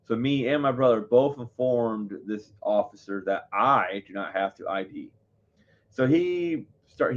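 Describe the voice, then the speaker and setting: A man hosting a live show, telling viewers a story in a heated, profane, rambling way. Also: mid-range voice. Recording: dull lo-fi audio.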